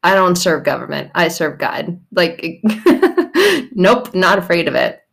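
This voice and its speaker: A woman's voice: on the low side, wildly swooping pitch, slow, creaky, fairly bright tone, husky. A woman in her thirties giving a casual devotional talk, bubbly and chatty, often breaking into laughter. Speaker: faith vlogger.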